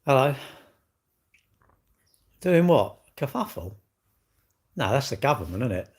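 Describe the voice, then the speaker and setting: A man's voice: mid-range voice, lively intonation, a little fast, husky. A man in his sixties, chatting casually on a live stream with viewers, cheeky and bantering with the odd swear word. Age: 60s. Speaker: livestream host.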